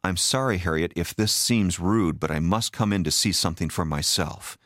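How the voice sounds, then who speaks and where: A man's voice: low-pitched, moderate pace, fairly bright tone, dry recording, clean studio sound. A man voicing a betrayed wife, bitter and hurt in her angry outbursts. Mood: firm. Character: wounded, furious betrayed wife.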